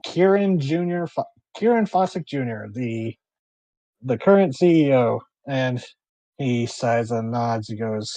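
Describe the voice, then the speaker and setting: A man's voice: medium pitch, unhurried, darkish tone, dry recording. A man running a tabletop game as game master, talking loosely with restarts. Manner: casual, loose, stop-start.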